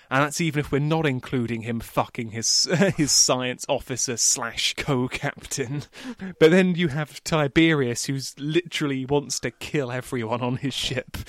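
A man's voice: medium pitch, no room sound. Guy cohosting a podcast, laughs a lot, swears casually, dry close mic. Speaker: podcast co-host. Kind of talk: casual book discussion.

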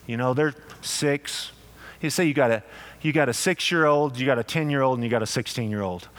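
A male pastor preaching a sermon in a conversational, animated way, often repeating words and acting out quoted voices. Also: mid-range voice, a little fast.

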